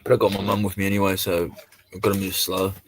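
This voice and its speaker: A man's voice: deep voice, completely flat delivery, quick pace, a little hiss or hum. An Australian man chatting casually on a live stream, rambling and laid-back, swearing now and then.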